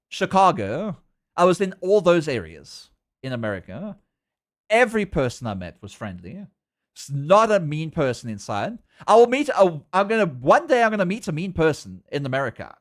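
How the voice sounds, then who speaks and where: A young man with a South African accent talks in a casual, excitable way. His voice sits a little high and swings widely in pitch. He stammers and repeats words as he gets carried along. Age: young adult. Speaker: livestreamer. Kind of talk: casual chat.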